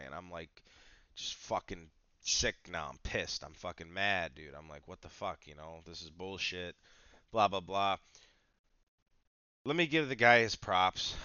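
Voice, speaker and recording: A deep-voiced man hosts a casual podcast, swearing freely and swinging into hyped bursts. His tone is crisp and bright, with dry, slightly muffled lo-fi sound. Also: no room sound. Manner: profane, excitable, hyped. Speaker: podcast host. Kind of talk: casual chat.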